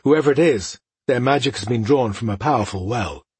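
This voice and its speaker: A man voicing a watchful elf mage who speaks in a hushed, cautious way. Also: medium pitch, fairly quick, slightly rough, dry recording. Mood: wary.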